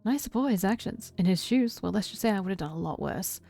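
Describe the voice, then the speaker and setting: A woman voicing a gentle young heroine, speaking softly and reassuringly with a slightly raised voice. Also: medium pitch, animated, a little fast, creaky, soft background music.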